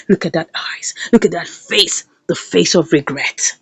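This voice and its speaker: A woman's voice: lowish voice, measured pace, hardly any pauses, breathy edge, no echo. A woman giving recap commentary on a series, retelling scenes dramatically and acting out the characters' lines. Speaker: series reviewer.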